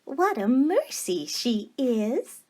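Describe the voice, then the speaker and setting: A woman voicing a sweet, eager younger sister in a storybook, with a high, gentle and cheerful manner. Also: big pitch swings, a little slow, exaggerated voice.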